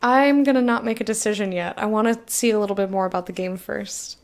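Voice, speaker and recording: A fast-talking woman with a mid-range voice streams a game, reading its text out loud and chatting openly with viewers. The let's-play is casual, and she swears freely.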